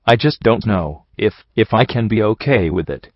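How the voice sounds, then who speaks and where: A man's voice: lowish voice, lively intonation, normal speed, no echo, lo-fi sound. A man reading an anxious young pegasus mare. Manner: hesitant, conflicted. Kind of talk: audiobook reading.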